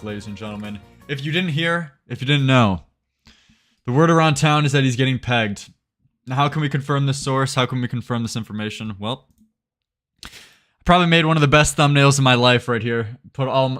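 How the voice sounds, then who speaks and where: A man's voice: medium pitch, brisk, a bit bright. Young male streamer, medium voice, sarcastic mocking commentary, loose and laughing, faint background music.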